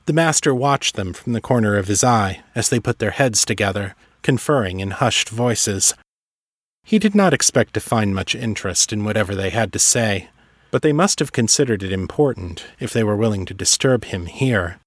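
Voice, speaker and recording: Low guy reading a fantasy story, dramatic, super dry mic. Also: lively intonation, moderate pace, no room sound. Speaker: narrator. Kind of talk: scripted narration.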